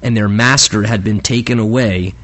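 A man's voice: lowish voice, steady tone, normal speed, fairly bright tone. A man preaching a conversational sermon, often stammering and restarting his phrases. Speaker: pastor. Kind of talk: sermon, Bible teaching.

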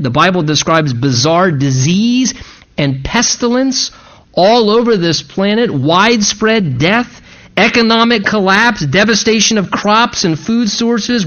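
A middle-aged male pastor delivers a sermon in a notably high voice, pressing hard on key phrases and building in intensity. The recording sounds slightly muffled and dull. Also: fairly bright tone. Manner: emphatic preaching, rising intensity on key phrases.

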